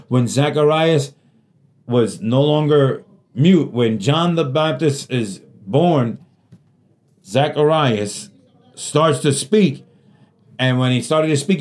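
A man's voice: medium pitch, a little mellow. A man preaching a sermon as pastor, posing rhetorical questions to the congregation and building up emphasis.

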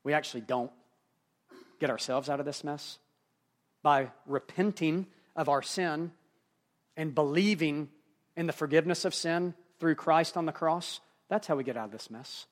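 A male pastor preaching a sermon, swinging between hushed, quiet moments and emphatic, rising passages. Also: on the high side, normal speed.

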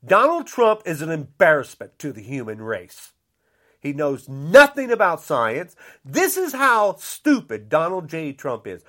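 A man's voice: high-pitched, wildly swooping pitch, unhurried, fairly bright tone. An older man delivering an angry, blunt rant, repeating himself and saying how upset he is. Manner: indignant, repetitive, blunt.

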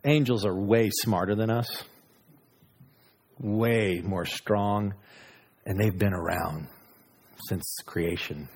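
A man preaching a sermon, moving between loud, high exclamations and low, hushed asides. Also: slow pace, pauses often, slightly rough. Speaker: pastor.

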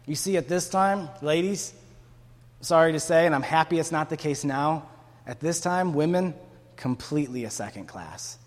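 Pastor, male, slightly high voice, chatty sermon delivery that acts out quotes, long hall reverb. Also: moderate pace. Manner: conversational preaching, acts out quotes with rising energy.

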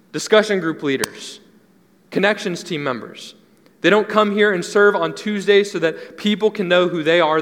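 A young man preaching to a congregation, his fairly high voice carrying an earnest, conversational warmth as he repeats key phrases for emphasis. The sound hangs in a large church hall with a long reverb tail. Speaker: pastor. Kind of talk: sermon.

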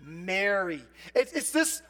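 A man preaching a sermon as a pastor, conversational, moving between loud emphatic bursts and quiet, low asides. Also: very animated, takes it slowly, faint music behind.

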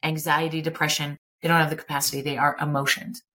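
A woman's voice: deep voice, little pitch movement, fast talker, pushed and bright. A middle-aged woman, a clinical psychologist talking candidly as an interview guest, emphatic and blunt, swearing casually.

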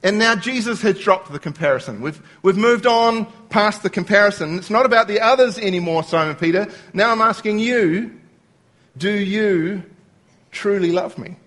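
High-pitched guy preaching in a church, explaining scripture line by line. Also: fairly quick, few pauses, a bit bright. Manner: explains scripture word by word, quoting lines and laughing at his own slips. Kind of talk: sermon.

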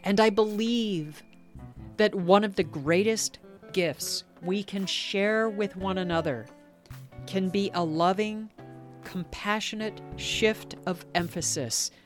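A woman podcast host in gentle, contemplative narration and reflective conversation. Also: medium pitch, takes it slowly, faint music behind.

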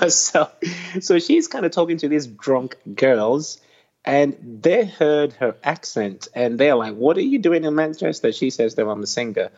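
A man's voice: on the high side, a little slow. Earnest man telling his testimony. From England. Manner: earnest storytelling, animated recounting of spiritual experiences. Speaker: interview guest, prayer ministry founder. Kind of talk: casual testimony in an interview. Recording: slightly dull lo-fi audio.

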